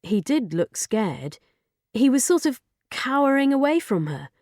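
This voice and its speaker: A woman narrating a children's audiobook in a lively storytelling manner. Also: high-pitched, a little slow, dry recording, studio quality.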